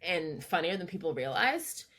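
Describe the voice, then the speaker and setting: A woman's voice: lowish voice, sing-song, normal speed, a bit bright. A woman co-hosting a podcast in casual, opinionated chat. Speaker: podcast co-host.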